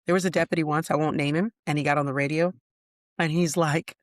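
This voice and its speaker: A woman, a retired deputy hosting a podcast, telling on-the-job stories in a steady, matter-of-fact way. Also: low-pitched, quick pace, no echo, studio quality. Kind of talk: casual storytelling chat.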